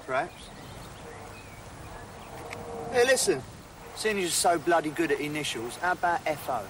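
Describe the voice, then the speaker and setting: An actor playing a brash, cocky builder, speaking in a television drama. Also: male voice, fairly high pitch, expressive, unhurried. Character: brash cocky London builder, man, adult. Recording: TV audio with clear background noise.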